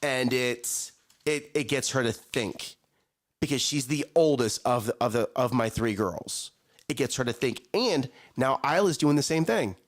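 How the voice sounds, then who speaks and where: A lively man in his thirties talks like a coach on a casual morning show. His pitch rises and falls a lot, and he doubles back on his words as he makes his point. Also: unhurried. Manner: animated, repeats words, coaching tone. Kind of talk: casual chat.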